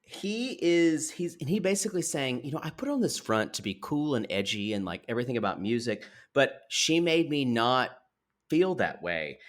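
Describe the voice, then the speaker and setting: A man's voice: mid-range voice, very animated, moderate pace. A man co-hosting a podcast, casually retelling a reality show scene by scene and acting out the quotes. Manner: chatty storyteller, acts out quotes, many fillers. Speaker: podcast co-host.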